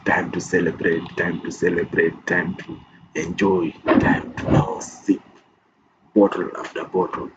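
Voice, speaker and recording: A man's voice: deep voice, flat delivery, a little slow, highs cut off, noisy background. A man hosting a fan reaction channel, euphoric and repeating his phrases like chants. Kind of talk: excited fan reaction vlog. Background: music playing under the voice.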